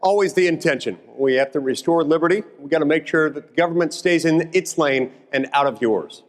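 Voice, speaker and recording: A man speaking as a senator on a panel, making measured, declarative points. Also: a little high. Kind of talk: panel discussion. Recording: long hall reverb.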